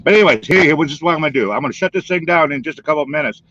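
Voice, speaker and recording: A man's voice: a little high, expressive, very fast, fairly bright tone. A man talking casually on a live stream, filling in for the host in a rambling, chatty way. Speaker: stand-in streamer. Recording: dull lo-fi dry stream audio.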